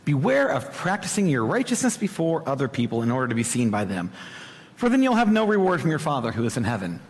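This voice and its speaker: A young man giving a conversational sermon as a preacher, animated and talking straight to the congregation with asides. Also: medium pitch, fast. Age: young adult. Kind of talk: sermon teaching. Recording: hall reverb.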